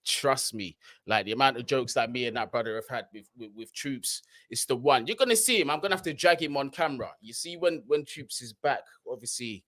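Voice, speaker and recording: A man's voice: mid-range voice, expressive, a little fast, few pauses, a bit bright, dry recording, clean studio sound. A man co-hosting a football live stream, talking in a hyped, slangy way and swearing freely. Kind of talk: casual chat. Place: New York City.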